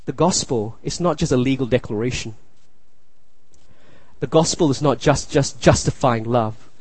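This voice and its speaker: In a dry recording, a pastor in his thirties delivers a sermon with a husky, darkish voice of medium pitch at a moderate pace. He's earnest, repeats his phrases, and often asks listeners "you see?"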